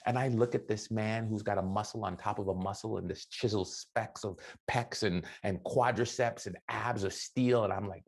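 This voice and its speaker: A middle-aged man giving an animated motivational keynote, telling stories and acting out the dialogue. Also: lowish voice, normal speed, creaky. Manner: animated, acts out dialogue with voices. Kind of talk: motivational storytelling speech.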